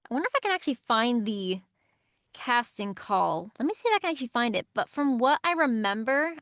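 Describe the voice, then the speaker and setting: A young adult woman, a voice actress, chatting in an interview, lively and quick to laugh. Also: a little high, dry recording, clean studio sound. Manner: lively, laughing, reads aloud from notes. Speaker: voice actress guest. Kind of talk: casual interview chat.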